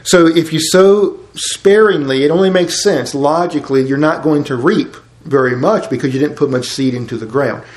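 A man's voice: on the high side, normal speed, hardly any pauses, roomy sound, low-quality recording. A man preaching a conversational, folksy sermon as a pastor.

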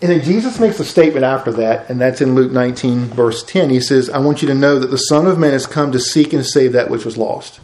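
A man's voice: mid-range voice, fairly quick, few pauses, a little mellow, reverberant. A man, giving an informal sermon to a class and acting out Bible dialogue in folksy voices. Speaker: pastor teaching a class.

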